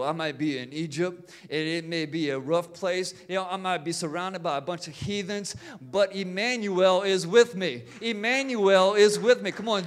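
A pastor preaching a sermon, building in fervor, with repeated words and calls of amen. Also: male voice, high-pitched, moderate pace.

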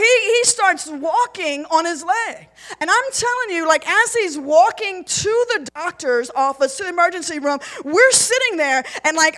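A woman's voice: high voice, sharp tone. A woman pastor telling a personal testimony in a chatty, rambling way, full of "like" and "and so". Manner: chatty, rambling, many "like" and "and so" fillers. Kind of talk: storytelling testimony.

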